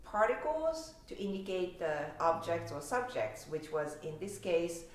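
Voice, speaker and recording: A woman's voice: lowish voice, big pitch swings, unhurried. A young woman from Osaka with a Japanese accent, teaching pronunciation in a casual lesson and laughing often. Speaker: language teacher. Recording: very echoey room.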